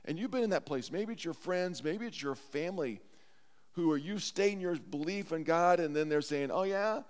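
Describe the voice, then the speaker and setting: Earnest pastor guy preaching, slightly high voice, long echo in a big church. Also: lively intonation, normal speed. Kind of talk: sermon. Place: church sanctuary. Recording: long church hall reverb.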